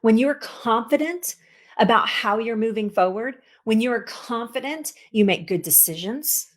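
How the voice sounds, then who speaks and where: A woman, a cancer coach, giving an expressive motivational talk, repeating words for emphasis and laughing at herself. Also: on the high side, measured pace.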